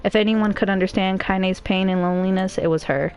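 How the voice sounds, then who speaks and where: A woman's voice: mid-range voice, steady tone, fairly quick, darkish tone, smooth. A woman streamer reading a novel aloud in a casual way, breaking off for joking asides.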